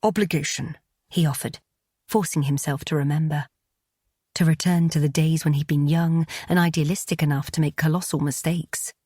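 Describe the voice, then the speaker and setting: A woman reading a romance audiobook with a low, husky voice. Her storytelling is calm and even. The recording is close and dry. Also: normal speed, dry recording. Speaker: audiobook narrator. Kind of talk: scripted romance narration.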